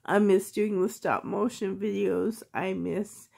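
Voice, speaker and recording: A woman with a cold, sounding hoarse, chatting casually to her viewers in a vlog and laughing often. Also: medium pitch, fairly even intonation, takes it slowly, a little mellow. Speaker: reborn doll hobby vlogger.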